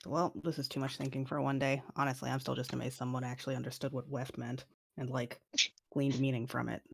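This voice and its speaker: A woman playing her character in a tabletop game, asking things in a dry, wry, deliberate way. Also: a bass voice, flat delivery, creaky, slight background noise. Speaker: tabletop player. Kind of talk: in-character roleplay.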